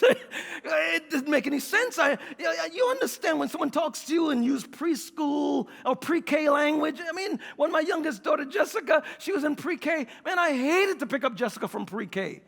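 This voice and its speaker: A man with a New York accent preaching a sermon, animated and joking as he acts out scenes, slowing and softening for scripture. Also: very high voice, gravelly, big-room sound. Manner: animated, acts out quotes and jokes, then slows and softens for scripture. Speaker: pastor.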